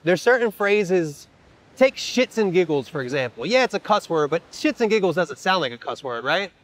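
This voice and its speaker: A rapper and songwriter talking casually while working out a song, loose, rambling and profane, laughing often. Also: male voice, high-pitched, big pitch swings, moderate pace, fairly bright tone. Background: his own acoustic guitar playing.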